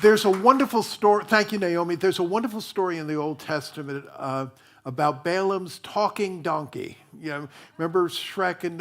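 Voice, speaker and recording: A minister giving a sermon in a chatty storytelling way, full of fillers and restarts. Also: male voice, high voice, a bit bright.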